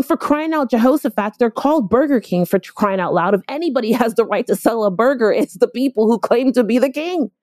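A businesswoman delivers motivational advice with emphatic, animated drive, hammering her points home through repetition. Her voice sits a bit high but has a mellow, dark tone. It is recorded dry and close, with no room sound. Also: no room sound. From Miami, Florida. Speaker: business owner.

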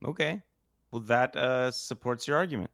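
A man co-hosting a podcast, asking measured questions in a discussion. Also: medium pitch, expressive, fairly bright tone, dry recording, studio quality. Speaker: podcast co-host.

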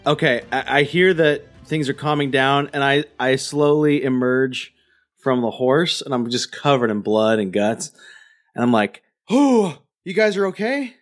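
とぼけた語り口の男性プレイヤー. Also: male voice, mid-range voice, unhurried, faint music behind. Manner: deadpan, rambling comic narration. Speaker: player. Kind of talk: tabletop game play.

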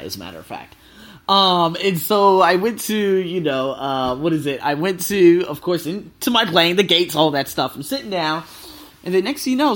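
A man of thirty recounting his travel day in an animated, excitable way, swearing freely. His voice is a bit husky and sits on the higher side. His pitch swings widely as he tells the stories. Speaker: travel vlogger. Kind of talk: casual storytelling.

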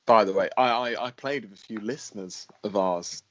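A man co-hosting a casual podcast, chatty and quick to laugh, often restarting his sentences. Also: lowish voice, dull audio. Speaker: podcast co-host.

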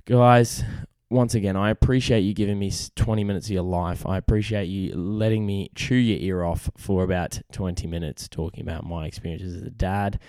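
Young Australian bloke, low mellow voice going a bit rough, casual matey podcast host, dry close sound. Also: male voice, steady tone, a little fast, dry recording. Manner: laid-back, matey, swears freely. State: losing his voice. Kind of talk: casual chat.

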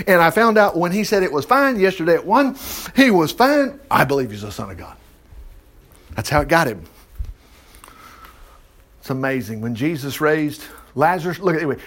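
A man teaching from the Bible in a folksy, animated way, breaking in with his own exclaimed asides, then praying. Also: on the high side. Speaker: preacher. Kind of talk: informal Bible teaching and prayer.

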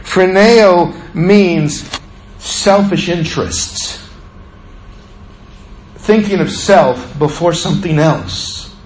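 A male pastor preaching a sermon with animated delivery, acting out the scripture. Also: high-pitched, drawn-out words, long pauses, reverberant, slight background noise.

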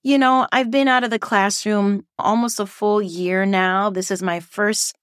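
A woman, a former teacher, hosting a casual reflective podcast monologue in a playful, animated way. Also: medium pitch, measured pace, smooth, no echo, clean studio sound. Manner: playful and animated, acting out voices.

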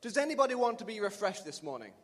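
Pastor, male, high-pitched, emphatic repeater, preaching in a reverberant church hall. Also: very animated, quick pace, a bit bright. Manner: emphatic, repeats lines for the congregation. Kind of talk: sermon. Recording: long reverb of a large hall.

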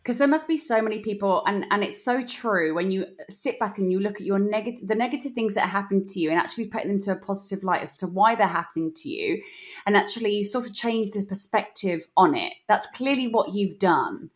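A woman's voice: mid-range voice, animated, a little fast. A woman hosting a casual interview, asking long, meandering questions. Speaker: host.

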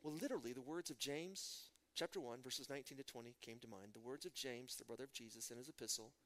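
A middle-aged man from Texas, preaching a sermon as a pastor and telling stories with animated rhetorical questions. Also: mid-range voice, quick pace. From Midland, Texas.

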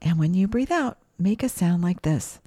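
A woman gently leading children through a breathing and mindfulness meditation, asking soft questions. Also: fairly low pitch, expressive, dry recording, studio quality. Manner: slow, soothing, gently questioning. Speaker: mindfulness teacher for kids.

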